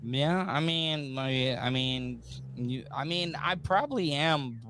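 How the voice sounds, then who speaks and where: A man hosting a podcast interview, speaking in a halting, awkward way with many fillers. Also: medium pitch, a bit bright, slight background noise. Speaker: podcast host. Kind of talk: hesitant interview talk.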